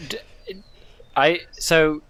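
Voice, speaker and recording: A young man in his twenties co-hosting a podcast, chiming in with quick, joking interjections. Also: fairly high pitch, animated, a bit bright, clear, resonant tone. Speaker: podcast co-host. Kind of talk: casual podcast chat.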